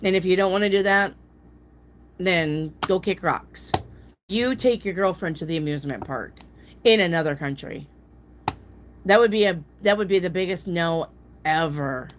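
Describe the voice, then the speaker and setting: Viewers' questions get blunt answers from a woman doing casual live tarot readings, who swears freely and mimics others in a high voice. She speaks at normal speed, pausing often, with a little hiss or hum in the recording.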